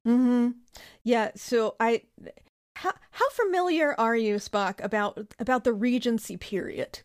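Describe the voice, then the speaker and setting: A woman hosting a casual podcast, a therapist talking in a playful, animated way. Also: fairly high pitch, unhurried, clear, resonant tone.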